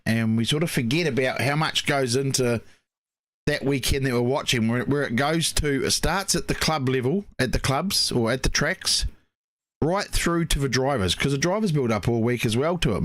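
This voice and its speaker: A man's voice: medium pitch, expressive, moderate pace, a bit bright, no echo, clean studio sound. A man co-hosting a racing show, telling long rambling stories full of "mate, you know". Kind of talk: casual chat.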